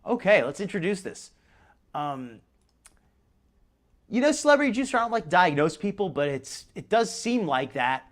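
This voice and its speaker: A man's voice: high-pitched, big pitch swings, moderate pace, long pauses. A man hosting a live stream, commenting casually in a rambling way with many restarts. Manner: rambling, restarts a lot, chuckles. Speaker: host.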